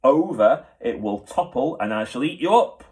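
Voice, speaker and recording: A man's voice: mid-range voice, animated, normal speed, darkish tone, voice pushed up, close to an everyday voice. A man reading aloud and voicing a chatty, cheerfully boastful male wolf in a storybook. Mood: eager. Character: boastful hopeful black wolf, male adult.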